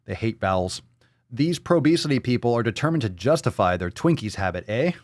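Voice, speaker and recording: A man hosting a fitness podcast, ranting with plenty of swearing and sarcasm. His pitch jumps around a lot as he gets exasperated. The sound is dry and close. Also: lively intonation, a little fast, no room sound. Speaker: podcast host.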